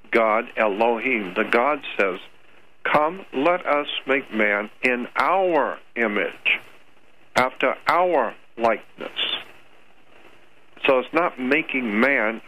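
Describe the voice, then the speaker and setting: A man's voice: mid-range voice, slight background noise. An older man, a guest researcher on a radio interview, lecturing at length, spelling words out letter by letter and repeating his points. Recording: dull lo-fi radio audio.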